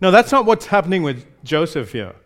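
High-voiced man preaching a sermon. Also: big pitch swings, fairly quick. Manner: explanatory, acts out short quoted lines.

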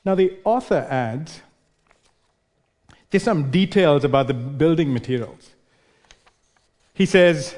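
A man's voice: fairly high pitch, animated, takes it slowly, pauses often, darkish tone, long reverb tail. A male preacher giving an expository sermon, explaining and posing rhetorical questions.

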